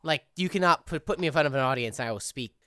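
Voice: medium pitch, quick pace, sharp tone, no echo. Podcast host, casual chat, long run-on thoughts, dry close mic. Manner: chatty, self-reflective, talks in long run-on thoughts.

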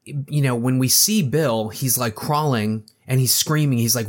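A man's voice: mid-range voice, measured pace, hardly any pauses. Talkative man discussing a movie. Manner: animated, acts out quotes, conversational asides. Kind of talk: casual film discussion.

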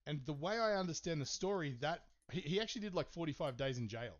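A man's voice: a little high, animated, quick pace. Swearing, rambling male podcast host. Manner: profane, rambling storytelling with many fillers. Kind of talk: casual chat. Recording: slightly dull, muffled sound.

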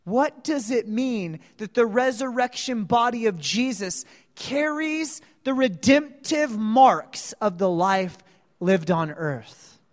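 A woman's voice: on the high side, animated, slow pace. A woman preaching a sermon, telling the story dramatically and acting out the voices of the people in it. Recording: long reverb of a large hall.

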